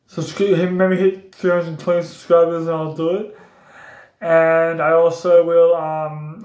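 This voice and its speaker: A man's voice: a little high, darkish tone. Rambling young man in an echoey room. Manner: rambling, repetitive explanations. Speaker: YouTuber doing voice impressions. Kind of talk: casual vlog tutorial.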